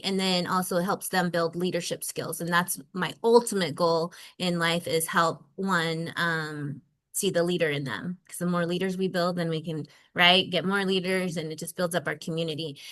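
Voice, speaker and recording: An upbeat woman chats as a guest on a podcast. Her voice is bright and a little tense. The sound is dry and close to the mic, with no room echo. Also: fairly low pitch. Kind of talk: casual conversation.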